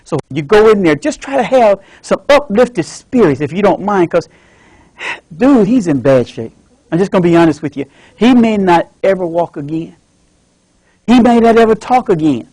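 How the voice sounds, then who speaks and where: A man's voice: high-pitched, lively intonation, normal speed, darkish tone, no echo, poor audio. A man voicing a frank doctor breaking hard news to a patient's son, sober and matter-of-fact. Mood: somber. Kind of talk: acted scene in a club speech.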